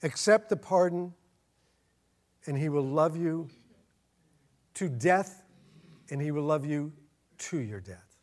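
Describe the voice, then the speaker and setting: A man preaching a sermon as a pastor, earnest, getting louder and slowing down to stress his points. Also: a little high. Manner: earnest, swells louder and slows down for emphasis.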